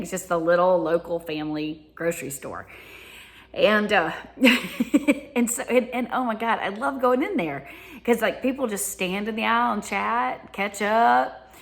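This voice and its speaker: A woman with a Southern US accent, telling casual stories and laughing often as she talks. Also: mid-range voice. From Southern United States. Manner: giggly, laughs often while talking. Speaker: vlogger. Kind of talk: casual storytelling monologue.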